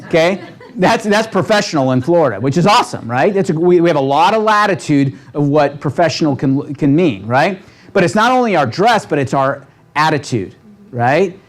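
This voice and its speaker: A man leading a real estate training seminar, talking with a lively, coaching manner and checking in with the room constantly. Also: a little high, moderate pace. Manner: animated, asks the room constant "right?" questions. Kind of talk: motivational seminar talk. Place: seminar room with a live audience.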